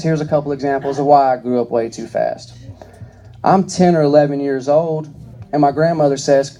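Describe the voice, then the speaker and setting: Profane stand-up comedian, mellow voice. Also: male voice, on the high side, normal speed, soft background music. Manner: profane, deadpan, conversational.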